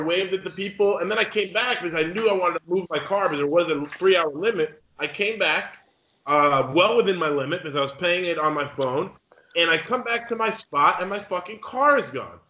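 Animated, swearing young man telling a story. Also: fairly high pitch, roomy sound. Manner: swearing, animated storyteller acting out other people. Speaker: podcast co-host. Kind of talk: casual storytelling chat.

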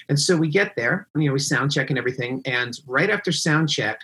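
A man's voice: mid-range voice, brisk, few pauses, rough recording. A man in his forties, a musician guest, telling road stories in a casual interview and acting out the people he quotes. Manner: animated, acts out quotes in raised voices.

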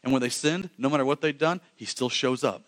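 A male pastor preaching a sermon, animated and quick, swinging from loud emphasis to hushed lines. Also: mid-range voice.

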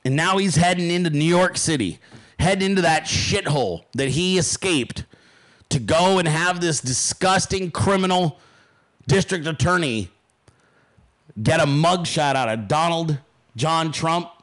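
A man's voice: on the high side, a little slow, a bit bright. Furious, swearing male podcast host. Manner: heated, profane, emphatic. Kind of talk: angry political rant.

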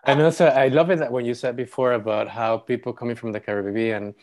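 A man's voice: medium pitch, fairly even intonation, fast, a little mellow. A man from Panama co-hosting a podcast, speaking appreciatively and reflectively with his guest. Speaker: podcast co-host. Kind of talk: warm interview conversation.

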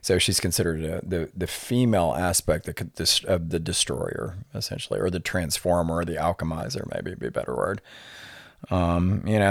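A middle-aged man, a podcast guest, explaining things in an unhurried, lecturing way with many filler words. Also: low-pitched, dry recording, clean studio sound. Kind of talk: conversational explaining.

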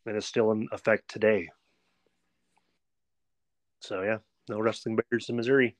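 Laid-back, low-voiced man. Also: fairly even intonation, normal speed, no room sound. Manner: laid-back and matter-of-fact. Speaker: podcast co-host. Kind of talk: casual chat, reading out facts.

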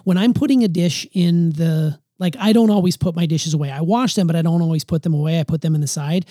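Middle-aged dad giving advice, really dark mellow voice, dead dry sound. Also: male voice, on the high side, quick pace, no echo. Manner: reflective, earnest, advice-giving. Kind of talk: casual family chat.

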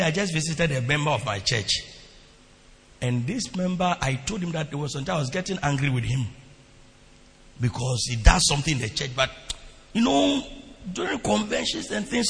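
A man preaching a sermon as a pastor, telling stories to his congregation with lively, exclamation-filled delivery in a church hall. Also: fairly high pitch, vocal fry. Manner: animated storytelling preaching with repeated exclamations. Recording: long reverb of a large hall.

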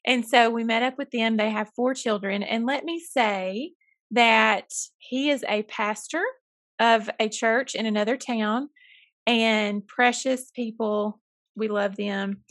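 A woman with a Southern US accent co-hosts a casual podcast. Her voice sits fairly high, and she tells stories in a chatty, folksy way. The recording is dry and close, with no room sound. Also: steady tone, slow pace, a bit bright, dry recording. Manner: chatty storyteller, folksy phrases. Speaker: podcast co-host, school counselor. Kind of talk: casual chat.

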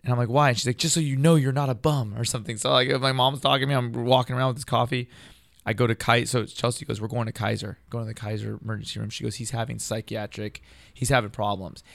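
A man's voice: mid-range voice, level tone, fast, gravelly, a bit bright, no echo, clean studio sound. A man telling a long personal story in casual, profane, rambling talk, acting out what others said.

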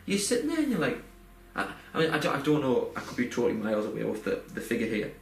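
In a mid-range voice with wildly swooping pitch and vocal fry, a young man talks fast through a heartfelt, rambling personal story riddled with fillers and restarts. It's casual podcast talk, and the audio carries a roomy echo plus faint background noise.

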